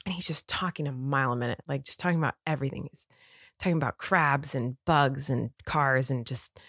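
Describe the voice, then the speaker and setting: A woman in her thirties co-hosting a casual podcast chat, telling an animated story and laughing often. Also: a bass voice, brisk, no echo, clean studio sound. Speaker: podcast co-host.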